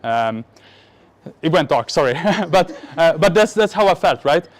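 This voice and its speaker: On stage at a marketing event, a Middle Eastern man tells a live audience a personal story, animated and joking at his own expense, often restarting his sentences. His voice is a little high and a little slow.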